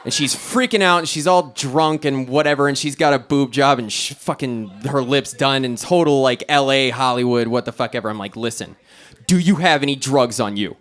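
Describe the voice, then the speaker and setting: A man's voice: mid-range voice, a little fast, few pauses. Profane young man telling a rambling story. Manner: profane, rambling, animated storytelling with quoted voices. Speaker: stand-up comic. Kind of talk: open mic stand-up storytelling. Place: small club stage.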